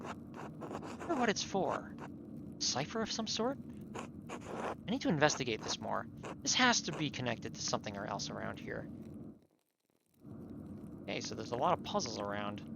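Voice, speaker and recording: A man streaming a story game, thinking out loud and reacting casually with the odd curse. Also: medium pitch, very animated, moderate pace, creaky, long pauses, background noise. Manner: thinking aloud, swearing, laughing at the game. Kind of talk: let's play commentary.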